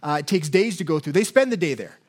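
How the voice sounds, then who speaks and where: A man preaching a sermon, telling stories and reading scripture in an animated way. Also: fairly high pitch, quick pace. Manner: animated storytelling with put-on voices. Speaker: pastor.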